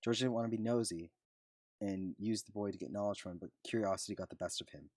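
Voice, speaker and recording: Man reading fan fiction, low voice, dry close sound, casual, self-correcting stumbles. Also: fast, darkish tone, no echo. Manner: casual reading, often stumbles and restarts words. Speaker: fanfiction reader.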